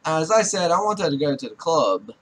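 A man's voice: a little high, sing-song, moderate pace. A young man giving profane gaming commentary, scolding and bossing around the characters he controls, audibly exasperated. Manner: exasperated, scolds the game characters, swears a lot. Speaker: gaming YouTuber. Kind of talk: profane Let's Play commentary.

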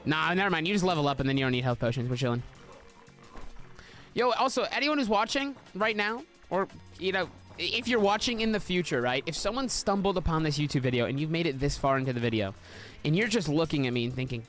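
A young man streaming a game from a small room at home, chatting casually, joking and swearing with sudden excited yelps. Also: faint music behind. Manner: animated and joking, swearing, quick pitch jumps into excited yelps. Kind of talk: casual livestream chatter while playing.

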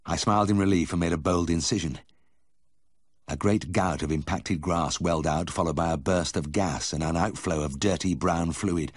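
A man reading a memoir aloud as audiobook narration, telling the story in a measured first-person voice. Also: sits low, no room sound, studio quality. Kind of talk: scripted narration.

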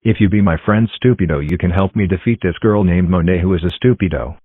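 A man doing a taunting astronaut bully, boastful and name-calling, with a very low, husky voice. It is a dull, lo-fi home recording with dry sound. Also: fast, dry recording.

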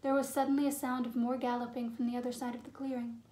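A woman narrating a fantasy novel as an audiobook, in a measured, suspenseful storytelling manner. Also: on the high side, flat delivery, dark tone. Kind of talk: storybook reading.

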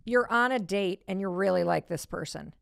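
A woman's voice: fairly low pitch, normal speed, gravelly, no echo, clean studio sound. A woman hosting a podcast interview, responding to her guest and asking guiding questions. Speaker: podcast host.

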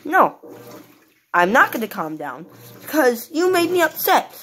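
A woman's voice: high voice, sing-song, measured pace, bright, forceful tone, a little hiss or hum, voice pushed up, full character voice. A woman putting on the voice of Teddy, a whiny little boy who gets upset easily, pouting and demanding in a skit.

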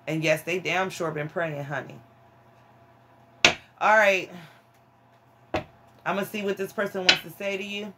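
A woman's voice: on the low side, fairly even intonation, measured pace, long pauses, very noisy. A woman giving a casual tarot reading to her viewers, frank and emphatic, calling them honey and child. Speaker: tarot reader.

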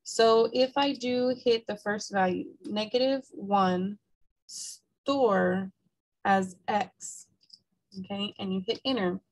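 A woman's voice: mid-range voice, takes it slowly, poor audio. Woman patiently walking through math steps. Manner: patient step-by-step explaining, frequent "okay?" checks. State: has the hiccups. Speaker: math instructor. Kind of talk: recorded lecture.

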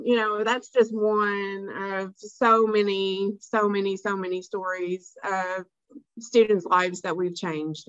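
A woman's voice: lowish voice, a bit bright, no echo, lo-fi sound. A woman school district educator telling a student story on a webinar, emotional and hesitant with many ums. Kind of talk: webinar panel talk.

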